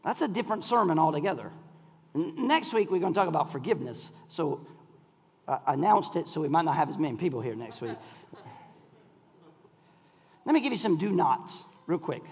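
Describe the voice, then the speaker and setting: A man preaching a sermon in a church, calling out to the congregation and swinging between shouts and near whispers. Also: a little high, very animated, moderate pace, long pauses, breathy edge, big-room sound. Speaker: pastor. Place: church sanctuary.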